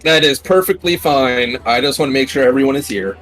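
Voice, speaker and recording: A man from Ohio leading a game raid over voice chat, giving clear instructions and laughing easily. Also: medium pitch, fairly quick, fairly bright tone, faint music behind, rough recording. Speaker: raid leader. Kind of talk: gaming voice chat.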